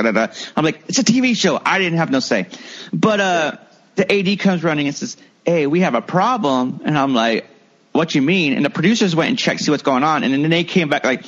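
A man tells loose, profane stories in casual chat, stacking filler words as he goes. His voice sits a little high. The recording is dull and lo-fi. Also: fairly bright tone. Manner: rambling storyteller, heavy filler words and profanity. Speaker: guest, comedian and filmmaker. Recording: muffled lo-fi recording.

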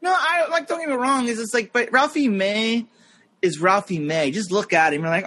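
High, bright-voiced rambling man. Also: normal speed. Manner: rambling, lots of fillers, mimics people in anecdotes. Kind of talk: casual podcast chat.

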